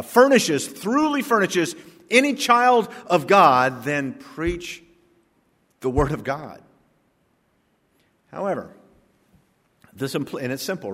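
A man preaching a sermon as pastor, his voice sitting a little high. He is emphatic, drawing out the words he wants to land and swinging from hushed to loud. The sound rings with long reverb, as in a big hall. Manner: emphatic, slows down to stress key words.

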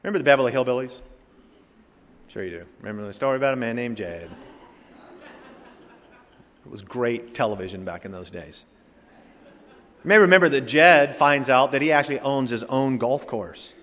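A man's voice: mid-range voice, moderate pace, pauses often, a bit bright. A male pastor preaching an emphatic sermon, speaking directly to his congregation. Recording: reverberant hall.

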